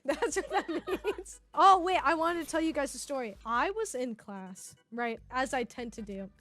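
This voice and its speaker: A woman in her twenties telling a casual story on stream, animated and full of fillers. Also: sits high, normal speed, no room sound. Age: 20s. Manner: animated, filler-heavy, laughs often.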